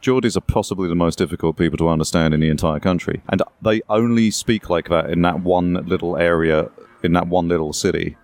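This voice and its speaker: A very deep-voiced man with an English accent, talking as a guest in an interview. He explains things at length in a relaxed, conversational way, with asides and the odd bit of playful exaggeration. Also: brisk, no echo. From England. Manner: explanatory, storytelling with asides and hyperbole.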